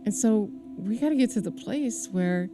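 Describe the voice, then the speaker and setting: A woman's voice: mid-range voice, lively intonation, normal speed. A woman preacher giving an earnest, conversational sermon with frequent fillers. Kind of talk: casual sermon. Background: singing bowl music.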